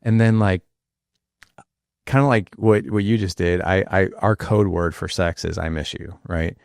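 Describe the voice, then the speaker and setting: A middle-aged man with a very low, gravelly voice, recorded close and dry. He tells a story in animated conversation, jumping into what others said. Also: a little slow, no room sound. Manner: animated, acts out quotes, many restarts. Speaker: podcast host.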